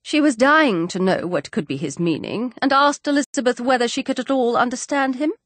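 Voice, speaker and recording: A woman narrating an audiobook in an animated storytelling manner, giving each figure a voice of its own. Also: a little high, brisk, dry recording.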